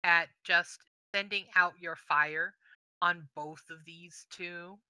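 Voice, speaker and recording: A woman running a tabletop game as game master, calmly guiding the players and narrating outcomes. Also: fairly low pitch, smooth, no room sound. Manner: measured, guiding players through the scene.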